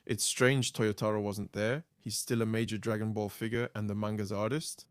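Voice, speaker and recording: A man's voice: fairly low pitch, little pitch movement, moderate pace, clean tone, no room sound. A man co-hosting a podcast in casual chat, easygoing, explaining things at length. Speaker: podcast co-host.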